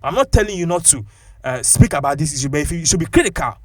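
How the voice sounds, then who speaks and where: Ghanaian guy ranting commentary, switches in and out of local language, higher voice, dry. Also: very fast, no room sound. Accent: Ghanaian English. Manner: animated, mixes local language into English. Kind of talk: opinionated commentary vlog.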